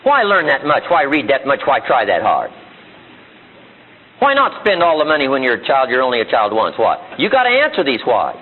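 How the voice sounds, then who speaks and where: This old archival clip captures a man speaking at a motivational seminar before a live audience, pressing his message through forceful rhetorical questions and repetition. His voice is mid-range, its pitch swooping wildly, and he keeps a moderate pace. The audio is narrow and tinny.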